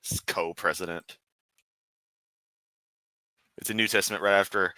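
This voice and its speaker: A man's voice: low-pitched, fairly even intonation, fairly quick, long pauses, bright, forceful tone, no room sound. A man from the United States hosting a casual reaction stream from his room at home, swearing often and rambling sarcastically. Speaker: streamer host.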